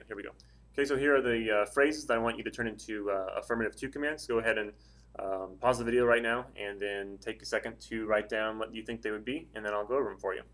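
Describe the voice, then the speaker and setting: His voice is on the low side with a fairly bright tone as he patiently walks through Spanish grammar examples one step at a time. The man's classroom explanation is casual and full of ums and uhs.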